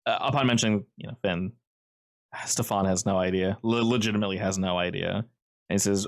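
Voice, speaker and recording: A man's voice: low-pitched, fairly even intonation, fairly quick. A man running a tabletop role-playing game as game master, narrating casually with fillers.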